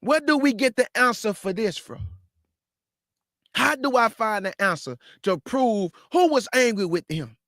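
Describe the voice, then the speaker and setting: A man's voice: very high voice, lively intonation, measured pace, a bit bright, no echo, clean studio sound. A man who hosts a show and teaches scripture informally, with slangy talk and many rhetorical questions. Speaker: host and Bible teacher.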